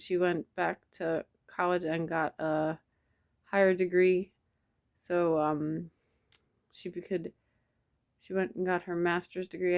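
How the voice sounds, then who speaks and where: A woman telling a personal memory in a soft, reflective way, with many pauses and restarts. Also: lowish voice. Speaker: vlogger. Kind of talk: personal storytelling to camera.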